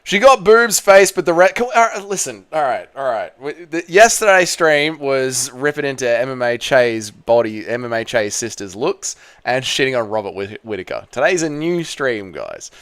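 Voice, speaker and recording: A man's voice: medium pitch, lively intonation, moderate pace, few pauses, a bit bright, smooth. A young Australian man with an Australian accent hosting a live stream, reading chat messages aloud and answering with blunt, jokey, foul-mouthed banter. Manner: blunt, jokey, swears freely, calls people mate and brother.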